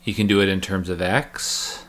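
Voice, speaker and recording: Male math lecturer, low-pitched, casual and joking while explaining step by step. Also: steady tone, moderate pace, fairly bright tone. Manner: chatty, joking, walks through steps aloud.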